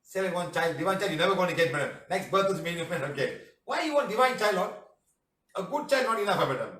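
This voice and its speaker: A man's voice: high-pitched, expressive, fast talker, bright, forceful tone. A man with a Malaysian English accent teaching a casual class, reading out messages and joking with a chatty, laughing manner. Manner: jokey, chatty, repeats "madam" and "huh", laughs often. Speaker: healing teacher answering testimonials. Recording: echoey room, voice somewhat far from the mic.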